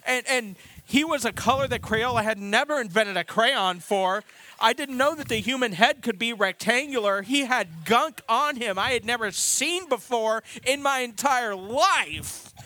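A man in his thirties preaching a sermon, telling a funny family story with animated, self-deprecating delivery. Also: very high voice, measured pace, dry recording. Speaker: pastor.

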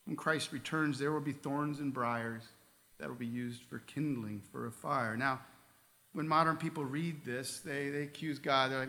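A man's voice: mid-range voice, moderate pace, bright, forceful tone. A man preaching a sermon as a pastor, earnest, with casual asides and light humor.

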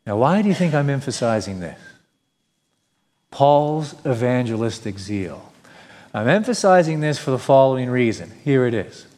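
A man's voice: mid-range voice, sing-song, moderate pace, a little mellow. A male pastor preaching a sermon, earnest and emphatic, asking rhetorical questions. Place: church sanctuary. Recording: long reverb of a church hall.

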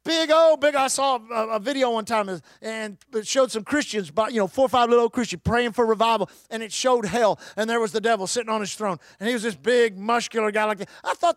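An emphatic preacher delivering a sermon and urging his congregation to respond. His voice is unusually high for a man. It is recorded close and dry, with no echo. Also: brisk, hardly any pauses.

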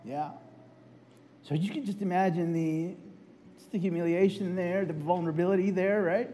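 A man's voice: sits high, steady tone, moderate pace, warm tone, a little hiss or hum. A man preaching a sermon, telling a personal story in a conversational way with frequent "right?" asides, then leading a prayer. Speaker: pastor.

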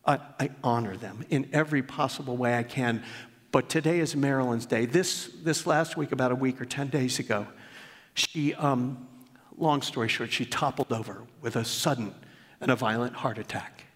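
Older pastor preaching in an echoing hall. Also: male voice, medium pitch, normal speed. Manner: earnest, warmly storytelling, rises when reading aloud. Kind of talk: sermon. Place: church sanctuary. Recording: long reverb of a church hall.

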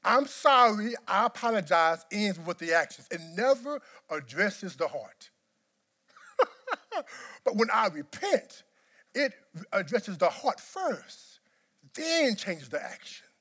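A man preaching a sermon as pastor, swinging from quiet, low talk to shouted emphasis and repeating words to drive points home. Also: very animated, slow, long pauses, slightly rough.

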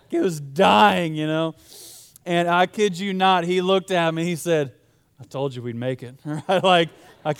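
A man's voice: fairly high pitch, clean tone. A young man preaching a sermon in a casual, storytelling way. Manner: casual, storytelling, conversational with fillers. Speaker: pastor.

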